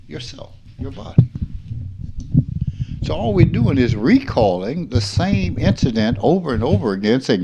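A man in his seventies from rural Mississippi, giving an earnest, reflective spiritual talk as a teacher who sometimes drops to a near-hush. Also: medium pitch, highs cut off. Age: 70s.

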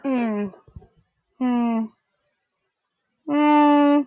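A woman's voice: high voice, drawn-out words, clear, resonant tone, narrow, tinny audio, faint music behind. A woman doing casual game commentary while opening card packs, swearing freely and shrieking whenever a good player shows up. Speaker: gaming video creator.

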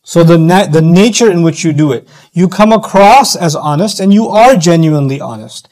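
A middle-aged man giving a sermon-style lecture, animated, acting out quoted voices as he teaches. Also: a little high, moderate pace, rough recording. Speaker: Islamic speaker.

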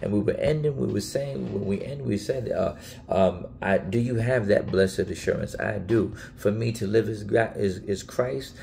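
A man's voice: fairly low pitch, moderate pace, vocal fry, crowd noise. A man preaching in a casual Bible teaching video, earnest and emphatic, often repeating himself and restarting phrases.

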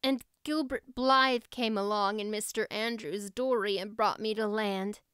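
A woman voicing a spirited, imaginative teenage girl who speaks in an earnest, expressive way. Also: mid-range voice, a little slow, smooth, dry recording, clean studio sound, close to an everyday voice. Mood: spirited, rueful.

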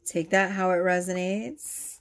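Excitable woman doing a tarot reading. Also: fairly low pitch, measured pace. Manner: gushing, excitable, swears casually. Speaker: tarot reader. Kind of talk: casual tarot reading to camera.

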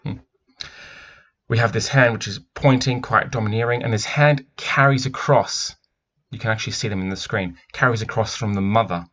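A man's voice: on the low side, normal speed, fairly bright tone. A man talking through a picture book as a teacher, musing and thoughtful as he reads and comments. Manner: thoughtful, musing, with frequent restarts. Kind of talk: read-aloud book analysis. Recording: dull lo-fi recording.

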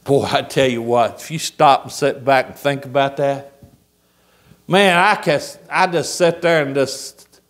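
A man's voice: mid-range voice, takes it slowly, pauses often. A man, preaching a fervent church sermon as pastor and asking the congregation rhetorical questions. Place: church sanctuary.

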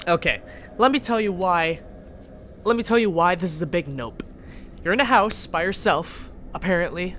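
A man's voice: high voice, normal speed, fairly bright tone, a little hiss or hum. A young man commentating a horror game he is playing, joking around, swearing and yelping at the scares. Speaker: gaming channel host.

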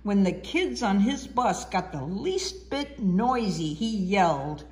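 Expressive woman reading a children's story. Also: mid-range voice, slow pace. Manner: expressive, sing-song. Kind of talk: children's book read-aloud.

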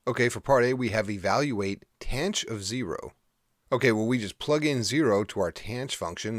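A man's voice: lowish voice, no echo, studio quality. A man teaching a recorded math lesson, explaining in a casual, conversational way.

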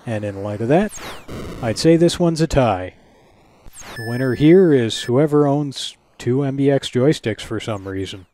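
A man's voice: mid-range voice, animated, unhurried, dark tone, slight background noise. A man hosting a retro computing channel, narrating a scripted review in a dry, wry, analytical way.

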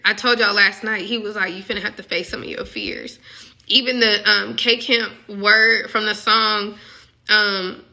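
A woman's voice: medium pitch, steady tone, normal speed, gravelly, pushed and bright. A young woman giving a casual, emotional spiritual message reading as a love coach. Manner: emotional, musing, conversational.

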